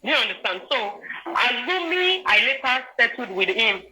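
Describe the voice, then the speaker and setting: Animated young woman, Nigerian accent. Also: on the high side, moderate pace, a little hiss or hum, poor audio. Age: 20s. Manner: animated, often checks in with "do you understand?". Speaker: guest sharing a personal story. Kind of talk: casual storytelling chat.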